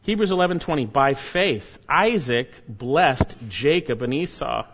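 A man preaching an expository sermon, reading scripture verse by verse and rising to loud, emphatic exhortation. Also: medium pitch, lively intonation, unhurried, noisy background. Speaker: pastor. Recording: dull lo-fi sermon recording.

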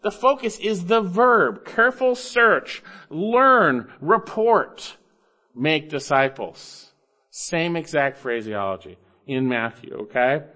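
A man preaching an expository sermon, emphatic, coaxing listeners along with rhetorical questions and swinging between loud stresses and low asides. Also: lively intonation, slow pace. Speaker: preacher teaching Bible grammar.

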